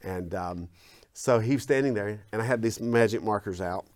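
A man with a Southern US accent, a guest and former minister, telling a personal story and acting out his own quoted lines with big swings in pitch. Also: normal speed, a little mellow.

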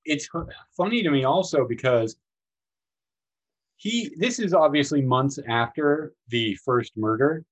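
A man hosting a podcast, talking casually about a film in a rambling, animated way, often acting out lines in a raised voice. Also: fairly high pitch, a little slow, lo-fi sound. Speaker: podcast host.

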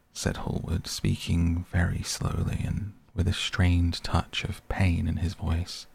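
Deep gravelly male narrator. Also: monotone, slow pace, hardly any pauses. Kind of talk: audiobook narration.

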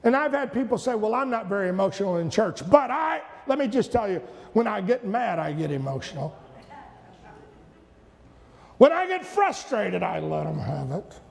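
An older man preaching a sermon, rising to shouted peaks and dropping into playful asides. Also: high voice, very animated, moderate pace, creaky, pauses often, big-room sound. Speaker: pastor. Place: church sanctuary.

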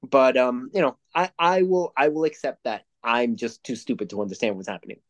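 A man's voice: mid-range voice, fairly quick. A young man co-hosting a podcast, rambling through movie reviews in casual chat with plenty of swearing. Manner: rambling, profane, animated storytelling. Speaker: podcast co-host.

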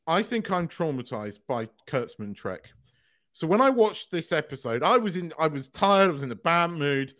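Excitable sweary podcast man, fairly high voice. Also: dry recording, clean studio sound. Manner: excitable, swears freely, quick laughs. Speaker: podcast co-host. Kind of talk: casual chat.

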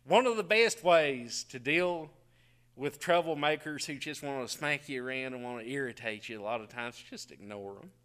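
A middle-aged man preaching a folksy sermon, telling homey stories with frequent chuckles and quiet asides. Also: mid-range voice, normal speed, clear, resonant tone.

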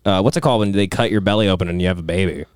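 A man's voice: deep voice, racing, smooth, dry recording, studio quality. A man co-hosting a podcast in crude, mocking casual chat. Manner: crude, mocking, lots of "like" and "dude". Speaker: podcast co-host.

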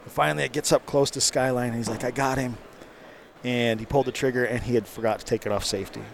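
A man with an ordinary, mid-range voice tells a hunting story in an easygoing, animated way. He acts out the dialogue between himself and his son as he goes. A faint hum of background noise sits under his voice. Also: medium pitch, quick pace, vocal fry. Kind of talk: casual chat.

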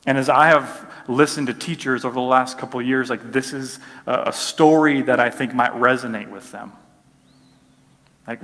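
A pastor delivers a sermon in a relaxed, talky way and leans on "like" as he goes. His voice sits in a middle register. The sound carries the long reverb of a church hall. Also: medium pitch. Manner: conversational, uses many "like" fillers and acts out little quoted voices.

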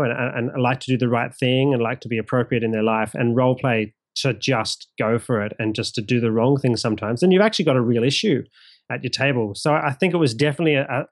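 A man's voice: mid-range voice, no room sound. Australian man, game master, chatty, stumbles over starts, dry close sound. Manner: chatty, repeats words at starts, laughs easily. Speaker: game master of a streamed tabletop show. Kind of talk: casual interview talk.

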